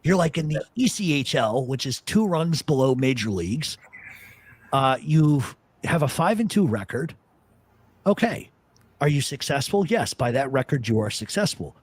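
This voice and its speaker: Man, talk show host, husky voice, dry close sound, blunt and profane. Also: medium pitch, sing-song, moderate pace, dry recording. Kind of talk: casual chat, storytelling.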